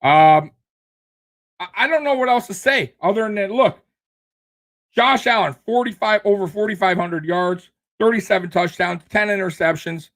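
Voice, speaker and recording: A man's voice: high-pitched, moderate pace, a bit bright. Fired-up man ranting about football. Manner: heated, profane rant with fillers and restarts. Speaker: sports show host. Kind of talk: ranting sports commentary.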